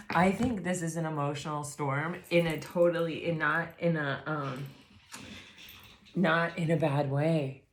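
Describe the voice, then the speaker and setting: An excitable woman reads tarot cards for her viewers, gushing and breaking into exclamations as she goes. Her voice sits fairly low, and the room around her rings with echo. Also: measured pace, slight background noise. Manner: gushing, excitable, lots of fillers and "oh my gosh". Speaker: tarot reader. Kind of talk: casual tarot reading to camera.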